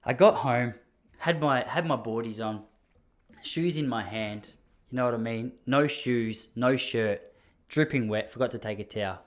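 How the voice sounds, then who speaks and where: A man's voice: mid-range voice, a little slow. An Australian man hosting a podcast, telling a story in a casual, ranting way with mock outrage. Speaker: podcast host.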